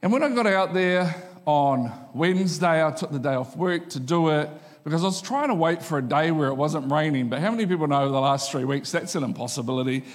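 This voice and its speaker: Speaking briskly and barely pausing, this slightly high-voiced male pastor preaches a conversational, joking sermon built around repeated punchlines. His words echo through a church auditorium, trailing a long hall reverb.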